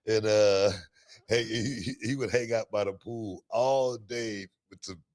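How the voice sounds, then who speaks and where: A middle-aged man co-hosting a podcast, telling stories in a loud, animated way with lots of slang and laughter. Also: on the low side, unhurried. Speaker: podcast co-host. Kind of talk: casual storytelling chat.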